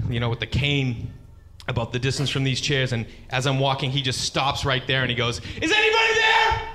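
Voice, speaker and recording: A man doing stand-up comedy, telling a story in an animated way and acting out the people in it. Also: slight background noise. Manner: animated, acts out characters with big jumps in pitch.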